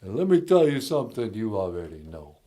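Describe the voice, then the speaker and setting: Cast a man as a gruff, slangy tough-guy boxer in a comic impression. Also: lowish voice, very animated, a little fast, mellow. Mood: swaggering. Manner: mumbled street slang, "hey, yo".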